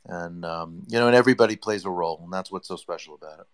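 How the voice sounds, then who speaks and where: A man's voice: low voice, quick pace. A man on an audio chat, giving long, rambling, effusive praise in a casual way. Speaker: community member on an audio chat.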